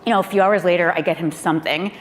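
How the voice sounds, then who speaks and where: A woman who is a former speechwriter, telling a lively story on a panel and acting out the quoted voices with big jumps in pitch. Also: racing. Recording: long hall reverb with faint noise.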